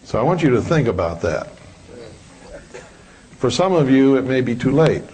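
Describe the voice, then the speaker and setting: Man, public speaker, live lecture, blunt, preachy, mid-pitched. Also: sing-song, normal speed, crowd noise, rough recording.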